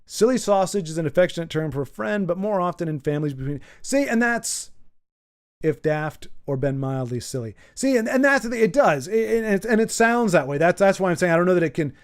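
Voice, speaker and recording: Briskly and with lively intonation, an American streamer reads out his chat and thinks aloud, wandering off and repeating words often. His voice sits high.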